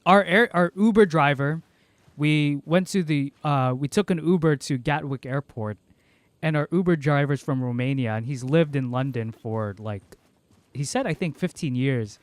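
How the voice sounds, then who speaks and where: A man's voice: a little high, no echo. A man from the American South chatting casually and rambling through stories while streaming a horror game. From Southern United States. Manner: rambling, chatty storytelling, quick laughs. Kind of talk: casual chat while playing.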